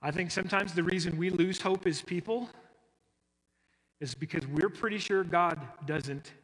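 A bright, high-voiced male pastor preaching with strong emphasis, lifting hard on key lines and sinking to near-quiet on others. His voice carries a long reverb, as in a church hall. He sounds forceful and clear. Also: normal speed. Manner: emphatic, rising sharply on key words then dropping low and soft. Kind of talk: sermon.

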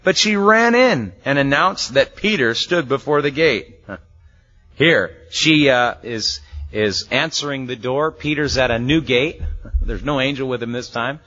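A man's voice: medium pitch, expressive, a little slow, pushed and bright. A man preaching in a conversational way, teaching through a Bible passage verse by verse and acting out the people in the story. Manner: conversational, acts out quoted voices, chuckles often. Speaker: pastor. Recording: muffled lo-fi sermon recording.

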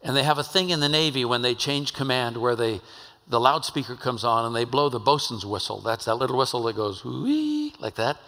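Older pastor, bright voice, reverberant hall. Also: male voice, mid-range voice, expressive, a little fast. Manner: conversational anecdotal storytelling. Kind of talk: storytelling sermon.

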